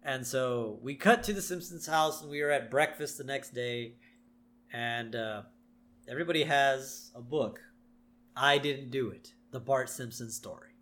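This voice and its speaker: A man's voice: mid-range voice, a little slow. A man co-hosting a podcast, casually recapping a cartoon episode and chuckling as he goes. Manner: relaxed, laughs often, retells scenes with quoted lines. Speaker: podcast co-host.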